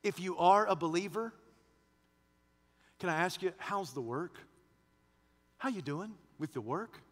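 A man's voice: high voice, measured pace, long reverb tail. A man pastor preaching a sermon with rising fervor, posing questions to the congregation.

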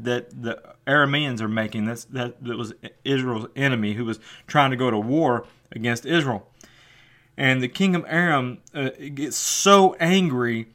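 A man's voice: a little high, fairly bright tone. A man preaching a sermon, earnest, often repeating words as he builds a point.

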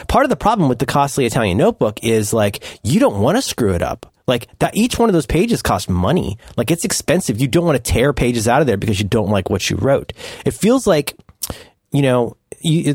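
A man's voice: mid-range voice, a little mellow, dry recording, clean studio sound. A man co-hosting a podcast in casual chat, playful and riffing, dropping into silly voices now and then. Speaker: podcast co-host.

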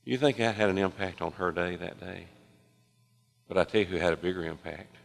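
A man preaching a sermon, telling a story with lively swings between loud excitement and soft hushed tones. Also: deep voice, a little fast, vocal fry, faint music behind. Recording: long reverb of a large hall.

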